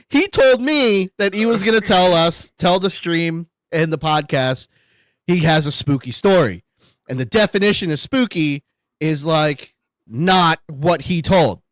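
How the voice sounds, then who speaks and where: A man with a slightly high, fairly bright voice co-hosts a casual podcast, recorded with no room sound. He rambles and jokes, poking fun at himself and swearing freely.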